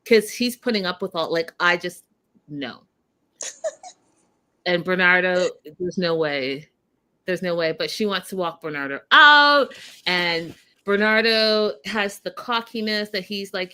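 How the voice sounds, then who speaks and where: A woman hosting a casual recap of a reality show, animated and talking straight to her viewers. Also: on the low side, slow, clean tone. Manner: animated, addresses viewers directly. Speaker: show host.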